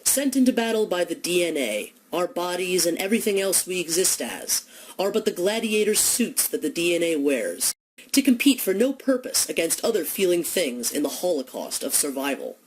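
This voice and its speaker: A woman's voice: on the low side, sing-song, normal speed, slight background noise, poor audio. Woman delivering a fierce polemic monologue. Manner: dramatic, accusatory, rhetorical, swelling to declamation. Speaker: speaker delivering a philosophical monologue.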